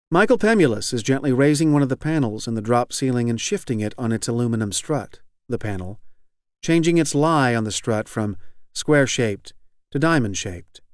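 A man reading literary fiction aloud as an audiobook narrator, measured and even. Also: medium pitch, dry recording, studio quality. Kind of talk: scripted narration.

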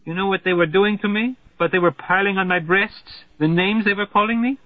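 A man's voice: high-pitched, fairly even intonation, fairly quick, no echo, voice pushed up, lightly acted. A man voicing a frightened, fragile woman. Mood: distraught. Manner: pleading and distraught. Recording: tinny phone-like sound, dry.

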